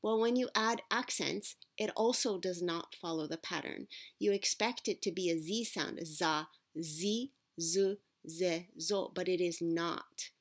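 A woman gives a language lesson at a slow, unhurried pace. Her voice sits a little low for a woman. She explains step by step, pausing on fillers and checking in with "right?". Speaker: Japanese teacher.

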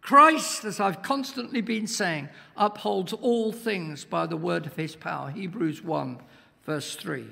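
A man preaching a sermon as a guest speaker in a church. He is emphatic, swells to near-shouts and asks the congregation questions. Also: high-pitched, takes it slowly, gravelly, slightly rough. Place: church hall. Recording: long hall reverb.

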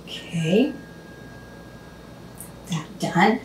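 A woman's voice: on the low side, lively intonation, extremely slow, a little hiss or hum. A woman hosting a home cooking show, chatting casually and rambling into stories as she cooks. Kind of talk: casual cooking demonstration with storytelling. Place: home kitchen. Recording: echoey kitchen, mic at a distance. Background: clatter of dishes and utensils.

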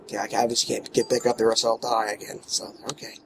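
A man's voice: fairly low pitch, flat delivery, fast talker, vocal fry, background noise. A man casually commenting on his gameplay at home, playful, cooing baby talk at his character and swinging from muttering to exclamations. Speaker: let's play gamer. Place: home room with his dogs nearby.

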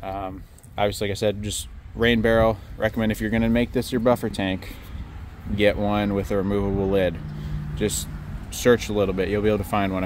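A man talks in a low, level drone with almost no rise or fall, walking through his work setup outdoors. He is blunt and casual, curses easily, and slips in dry jokes about himself. Light outdoor noise sits under the voice. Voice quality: monotone. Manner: blunt, casual, swears, dry self-mocking humor. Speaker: pressure washing business owner. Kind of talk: casual walkthrough vlog. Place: outdoors beside a work trailer.

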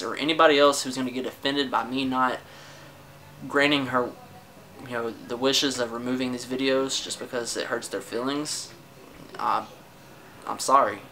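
A man's voice: medium pitch, bright, forceful tone, a little hiss or hum, poor audio. A young man venting to his camera in a casual personal rant, defensive and frustrated, swearing a lot and often stopping to restart his sentences. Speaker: vlogger. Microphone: camera mic.

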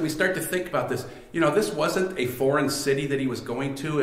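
A pastor giving a sermon in a conversational way, with many fillers and restarts. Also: male voice, fairly high pitch. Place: church sanctuary. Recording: echoey church room.

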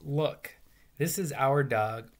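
A man's voice: mid-range voice, takes it slowly. Man playing a firm mother, impatient, no-nonsense, storybook reading.

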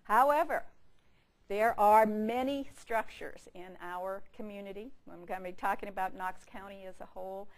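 A woman's voice: mid-range voice, normal speed. Chatty woman lecturing in a museum. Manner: chatty and good-humoured, with frequent fillers and restarts. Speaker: museum curator giving a lecture. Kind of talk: public lecture. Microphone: handheld microphone with a power pack.

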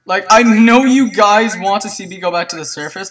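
A gameplay commentator chatting to viewers in a let's play, excitable and prone to yelps and shrieks at surprises. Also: medium pitch, normal speed, hardly any pauses, recorded from a distance, slight background noise, low-quality recording. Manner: chatty, talks to viewers as "guys".

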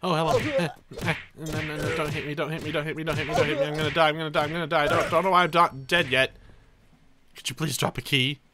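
Young male gameplay commentator, bright and higher-pitched, jumpy and theatrical. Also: fast talker. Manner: excitable, dramatic self-narration. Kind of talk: let's play commentary.

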